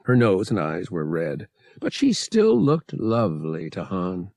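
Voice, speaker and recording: Male audiobook narrator, gravelly, lively pitch, measured reading, dry close mic. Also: no room sound. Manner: measured, expressive.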